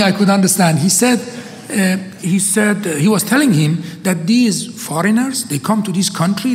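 Brief: male lecturer, high pitch, lively storyteller, faint hiss, long hall reverb. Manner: animated, with halting restarts. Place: conference hall.

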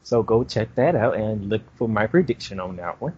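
A man hosting a podcast, talking in a lively, animated way and plugging his shows. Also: lowish voice, moderate pace, lo-fi sound, slight background noise. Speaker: podcast host. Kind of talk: casual podcast chat.

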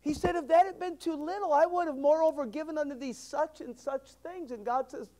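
A male pastor preaching a sermon, moving between loud, emphatic declarations and hushed, drawn-in asides to the congregation. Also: very high-pitched, fairly quick, few pauses.

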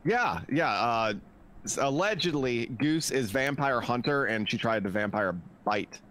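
A man's voice: mid-range voice, expressive, unhurried, fairly bright tone. A man on a group game call, teasing others in a dry way. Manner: dry, teasing, hedges with "allegedly". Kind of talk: casual gaming chat.

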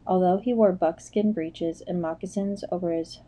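A woman narrates an audiobook with measured, steady storytelling. Her voice is low and very dark and mellow. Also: low-quality recording. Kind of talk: scripted narration.

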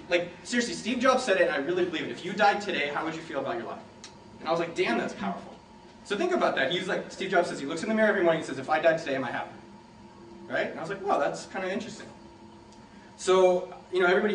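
Young male speaker, casual joking storyteller, slightly high voice, picked up from afar in a roomy hall with light hiss. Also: fairly bright tone. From San Jose, California. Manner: laughing, joking, swearing freely. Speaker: speaker giving a talk to students. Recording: roomy, from a distance, faint hiss.

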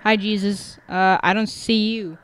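A woman hosting a gaming video, giving loud, jumpy commentary as she plays, swearing and laughing at the scares. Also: medium pitch, fairly even intonation, unhurried. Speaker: gaming channel host. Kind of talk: reactive let's-play commentary.

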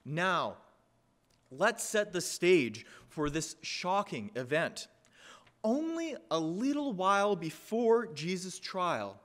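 Expressive male pastor reading scripture. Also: high voice. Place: church.

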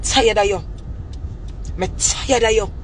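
A Jamaican woman ranting to camera in a heated, profane, repetitive tirade that breaks into shouting. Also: medium pitch, slow, slight background noise. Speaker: vlogger. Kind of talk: angry rant to camera.

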